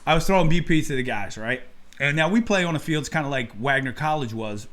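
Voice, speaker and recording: A middle-aged man co-hosting a casual baseball chat, telling animated stories and acting out what people said. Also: on the high side, fast. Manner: animated storyteller who acts out quotes. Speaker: co-host and youth baseball coach.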